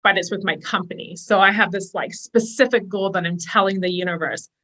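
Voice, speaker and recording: A woman's voice: mid-range voice, fairly even intonation, fairly quick, sharp tone. A woman in her thirties, a business coach, chatting enthusiastically as a podcast guest. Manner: chatty, enthusiastic, quotes her own inner voice. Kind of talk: casual podcast conversation.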